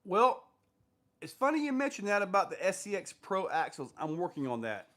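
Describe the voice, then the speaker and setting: This livestream host has a high-pitched, fairly bright voice with big pitch swings, at normal speed. Reading viewer comments aloud on a casual stream, he answers ramblingly and loosely, with frequent fillers.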